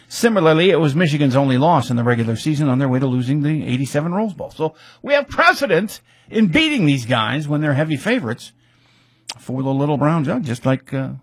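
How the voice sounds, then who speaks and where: A man's voice: medium pitch, gravelly, husky, no echo, studio quality. A man recapping a football rivalry's history in casual talk, reading facts with offhand asides and fillers.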